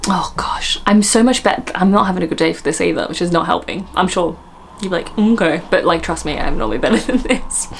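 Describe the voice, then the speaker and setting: A woman's voice: lowish voice, a little hiss or hum. An Australian woman from Australia, chatting casually to camera as a vlogger, giggly and self-mocking. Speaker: vlogger host.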